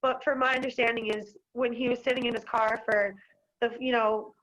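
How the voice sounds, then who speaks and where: A woman's voice: fairly high pitch, little pitch movement, moderate pace, a bit bright, poor audio. A young woman from Massachusetts telling a town board about an incident over a video call, rambling with lots of "like" and "you know". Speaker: dog owner at a hearing.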